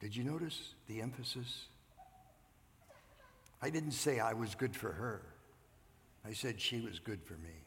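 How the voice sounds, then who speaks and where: An older man preaching a sermon, earnest, rising loud and then dropping to a hush. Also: lowish voice, a little slow, long pauses, in a large hall, a little hiss or hum. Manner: earnest, swings from loud to hushed. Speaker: pastor. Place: church sanctuary.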